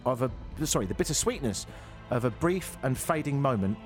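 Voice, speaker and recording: This young Englishman in his twenties co-hosts a laid-back radio chat, playful and full of jokes, tripping over foreign words. His mid-range voice moves briskly with lively intonation, and faint music sits behind him.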